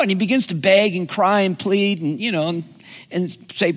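Male pastor, slightly high voice, unhurried folksy storyteller, big hall reverb. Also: a bit bright. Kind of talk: sermon.

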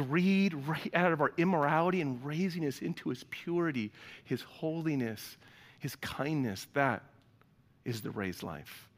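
Lively, animated male preacher. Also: on the high side, long reverb tail. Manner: animated storytelling with playful voices for quoted people. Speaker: pastor. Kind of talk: sermon.

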